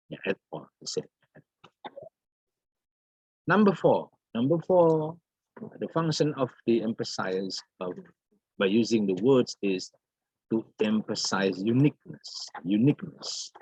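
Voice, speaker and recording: Slow, husky-voiced man teaching grammar. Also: lowish voice, a little mellow, no room sound. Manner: halting and repetitive, restarts phrases, many fillers. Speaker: English teacher. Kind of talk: recorded grammar lesson. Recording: dull lo-fi dry recording.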